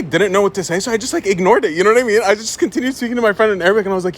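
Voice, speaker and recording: A young man telling a casual story with animated delivery, laughing often and mimicking people. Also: high voice, racing, few pauses.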